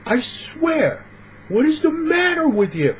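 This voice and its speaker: A man voicing a rude vaper who yells and swears at a vendor from across a room. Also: extremely high pitch, very animated, slow, a little hiss or hum, pitched above the performer's own voice, full character voice. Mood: angry heckling. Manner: yelling and swearing from a distance. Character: rude loud male vaper heckling a vendor.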